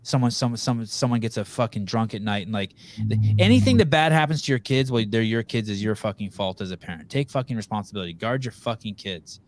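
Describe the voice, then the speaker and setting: A man's voice: lowish voice, animated, fast. A man hosting a podcast, talking over a video call in a blunt, profane, rambling way. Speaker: podcast host. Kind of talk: casual interview chat.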